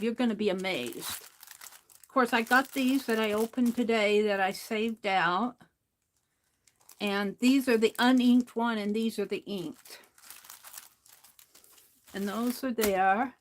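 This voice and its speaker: A woman chatting casually while she crafts at home, rambling and talking to herself as she works. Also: a little high. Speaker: art livestreamer.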